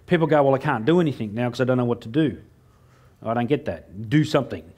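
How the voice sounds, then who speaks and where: Lively Australian man telling cheeky stories. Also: mid-range voice, quick pace. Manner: cheeky storytelling, acting out dialogue with a jokey punchline rhythm. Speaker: motivational speaker. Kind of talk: keynote speech to a live audience.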